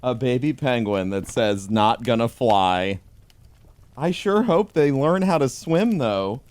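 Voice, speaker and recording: A man giving a deadpan comedic reading of a holiday pun book, with dry delivery. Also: medium pitch, a little slow, no room sound. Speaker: host.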